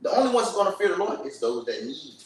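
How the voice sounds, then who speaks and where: A man preaches through scripture, firing rhetorical questions and pushing others to answer. His voice sits a touch high, and it comes from some distance off in a very echoey room. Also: very animated, fast, slight background noise. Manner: emphatic call-and-response questioning. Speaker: lead teacher of a scripture study.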